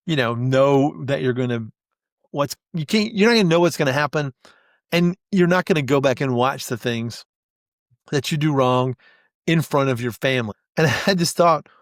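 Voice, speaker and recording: A man's voice: medium pitch, no room sound, studio quality. Rambling, self-deprecating male podcast host. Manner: rambling, self-deprecating, frequent restarts and laughs. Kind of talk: casual monologue.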